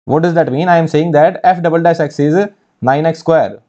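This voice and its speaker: Indian english accent, male tutor, fairly high voice, mellow tone, muffled dull recording. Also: normal speed. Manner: asks questions and answers them himself, repeats key phrases. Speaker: engineering mathematics teacher. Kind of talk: online exam-prep lecture.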